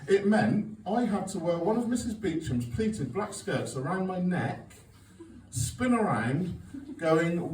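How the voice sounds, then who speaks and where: A man in his forties performs stand-up, telling sweary, self-mocking stories. His fairly high voice swings lively up and down. He was recorded from a distance in an echoey venue with audible room noise. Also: normal speed. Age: 40s. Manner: sweary, self-mocking storytelling with an audience laughing along. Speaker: stand-up comedian. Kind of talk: stand-up comedy set. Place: comedy club stage. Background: audience laughter.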